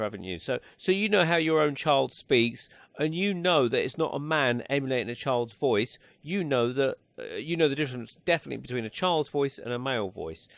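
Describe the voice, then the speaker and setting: A radio talk show host with a medium-pitched voice chats casually in a studio, rambling and hesitant with many restarts. There's no room sound.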